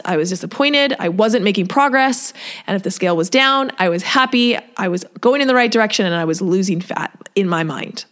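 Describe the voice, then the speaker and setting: A woman's voice: mid-range voice, fairly bright tone. A woman fitness coach talking casually and encouragingly, often acting out what her clients say. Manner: chatty, encouraging, acts out clients' voices. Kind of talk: solo podcast talk.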